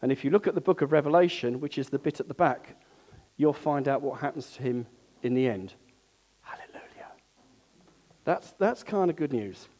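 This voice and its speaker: A man's voice: mid-range voice, lively intonation, a little fast, darkish tone. A man preaching a sermon to his congregation in an earnest, conversational way, with asides to the listeners.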